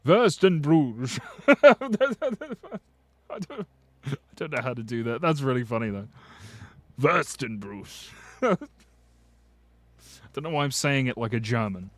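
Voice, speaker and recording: A man's voice: medium pitch, brisk, fairly bright tone, no room sound. A man streaming, casually chatting and joking as he reads viewer comments, swearing freely and restarting his sentences. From United Kingdom. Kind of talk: casual livestream chat reading viewer comments.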